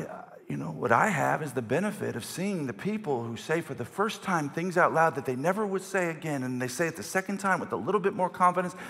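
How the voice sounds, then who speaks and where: A man pastor preaching a sermon from a church stage, animated and emphatic, often repeating phrases for effect. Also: on the high side, vocal fry. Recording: long hall reverb of a church.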